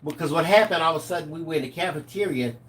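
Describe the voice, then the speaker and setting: A middle-aged man co-hosting a live stream, telling stories in a lively, animated way. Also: a little high, rapid-fire, a little hiss or hum. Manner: animated storyteller, acts out quotes. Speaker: co-host of a live craft stream. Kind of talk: casual storytelling chat.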